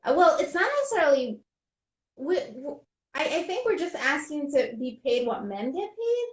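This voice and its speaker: A woman hosts a casual interview. She explains earnestly and restarts her sentences often. Her voice is on the higher side, and the room around her has a roomy echo. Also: very animated, normal speed. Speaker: host. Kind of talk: casual video chat interview.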